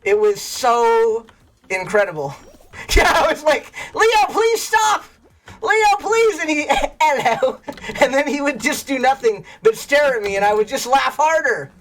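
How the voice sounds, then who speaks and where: A livestreamer chatting casually with viewers, spinning long, rambling anecdotes. The voice sits at an ordinary middle pitch, and laughter keeps breaking into the telling. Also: normal speed. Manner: laughs often while telling stories; animated, rambling storyteller. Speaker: streamer.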